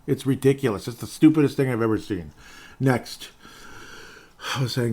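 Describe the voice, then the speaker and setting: A man hosting a solo sports podcast, reading fan messages and ranting in an animated, sarcastic way. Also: mid-range voice, normal speed, husky. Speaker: podcast host.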